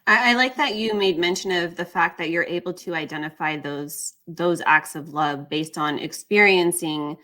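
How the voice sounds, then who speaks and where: A woman's voice: on the low side, normal speed, hardly any pauses, pushed and bright. A woman hosting an interview, enthusiastic and affirming toward her guest. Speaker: podcast host.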